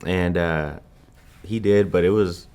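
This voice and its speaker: Brief: young man, very low pitch, relaxed and laughing, casual interview. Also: slow pace, clean tone. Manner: easygoing, laughs along. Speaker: groom-to-be in an interview. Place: video studio.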